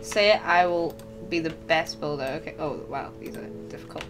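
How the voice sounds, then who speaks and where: A woman's voice: low voice, normal speed, over music. A woman voicing her character in casual Minecraft role-play, playful and often giggling between lines. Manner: giggly, playful, often laughing mid-sentence. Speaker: lead voice actor and player.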